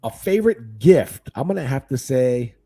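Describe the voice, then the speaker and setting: A man who is a guest fishkeeper, chatting casually in an interview with a laid-back, animated manner. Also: medium pitch, moderate pace, slightly rough. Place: living in Northern California.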